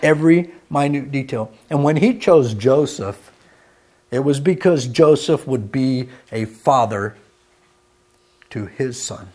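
A man preaching a sermon in a folksy storytelling way, swinging between loud and hushed. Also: mid-range voice, slow pace.

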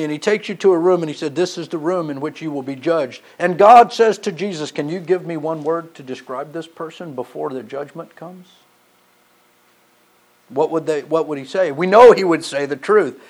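A man preaching a sermon, telling stories and shifting between emphatic passages and quiet, low asides. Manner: storytelling, rising to emphatic passages then dropping quiet.

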